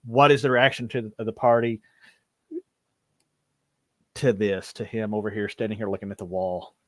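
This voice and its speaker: A man's voice: fairly low pitch, fairly even intonation, normal speed, no room sound. Rambling male game master. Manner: loose, rambling, many fillers and restarts. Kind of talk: narrating a live tabletop game stream.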